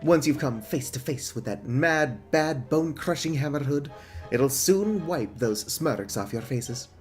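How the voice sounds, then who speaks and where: A bossy prison guard, as a man reads him out, snapping orders and taunting the inmates. His voice sits at an ordinary middle pitch. Faint music plays under him. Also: lively intonation, a little slow, lightly acted. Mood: scolding. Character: bossy male prison guard, gruff and scolding.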